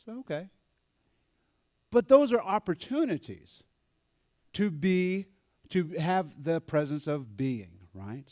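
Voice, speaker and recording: A man giving a storytelling talk at a church mental health forum, animated and acting out the voices of people he quotes. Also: fairly high pitch, slow pace, long pauses, no room sound, clean studio sound.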